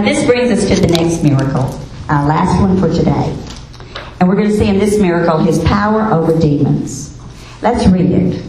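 Expressive woman teaching in an echoey room. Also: lowish voice. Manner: expressive, rhetorical questions, reads scripture aloud. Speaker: Bible teacher. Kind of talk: women's Bible study teaching. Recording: very echoey room, faint hiss.

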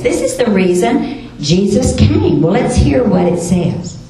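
A woman teaching a women's Bible study, expressive, asking rhetorical questions and reading scripture aloud. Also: medium pitch, unhurried. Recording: very echoey room, faint hiss.

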